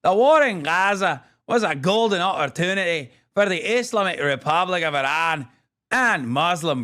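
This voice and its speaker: A man voicing a preachy, hectoring woman activist in a put-on Israeli accent, drawn-out and emphatic. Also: high-pitched, pushed and bright, heavily acted. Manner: slow, drawn-out, emphatic proclaiming.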